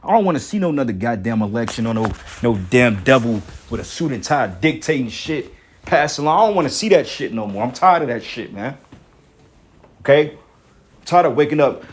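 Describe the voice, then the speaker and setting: A man delivering an angry, profane preaching rant, repeating himself and tagging lines with "man". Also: mid-range voice. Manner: heated, repetitive, swearing, ends lines with "man".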